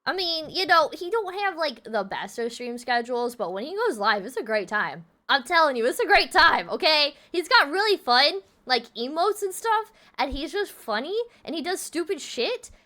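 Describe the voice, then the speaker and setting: A woman's voice: sits high, very animated, moderate pace, few pauses, sharp tone. A woman with a Texan accent, chatting playfully and giggling as she streams a game. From Texas. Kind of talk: casual live-stream chat while gaming.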